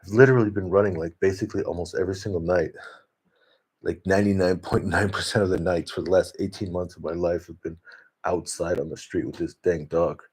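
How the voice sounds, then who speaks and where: A man's voice: low voice, fairly even intonation, a little fast, a little mellow, husky. A man talking in a rambling, casual monologue, often laughing and restarting his sentences. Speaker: vlogger. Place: home, talking to his dog.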